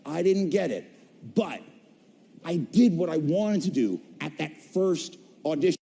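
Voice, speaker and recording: A man's voice: on the high side, lively intonation, unhurried, creaky, warm tone, husky. A middle-aged man, a voice actor on a convention stage, tells his career story with playful, self-mocking humor and acts out the people he quotes. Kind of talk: animated storytelling to a live audience. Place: convention stage in a large hall. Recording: long reverb of a large hall.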